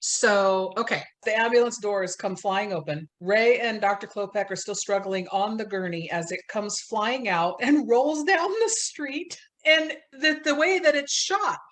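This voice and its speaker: A woman's voice: medium pitch, measured pace, few pauses. A woman co-hosting a podcast, recapping a film plot in casual chat and laughing often. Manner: animated storytelling, laughs often. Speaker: podcast co-host.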